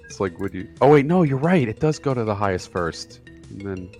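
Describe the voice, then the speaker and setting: A man's voice: lowish voice, animated, brisk, a little mellow, faint music behind. A man in a casual multiplayer game session, teasing and giving offhand advice to friends. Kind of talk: casual multiplayer gaming chat.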